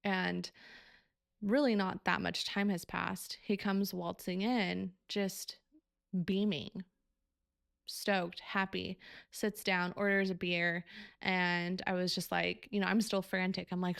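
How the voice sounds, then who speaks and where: Young woman podcast host, candid and emotional, swears freely, some vocal fry, dry close recording. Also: medium pitch, flat delivery, takes it slowly, no room sound. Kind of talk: personal storytelling.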